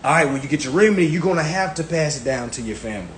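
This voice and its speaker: A man's voice: a little high, animated, very fast, a bit bright. A man talking casually on a livestream, emphatic and profane, often repeating his phrases. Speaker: social media livestreamer. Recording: echoey room with faint background noise.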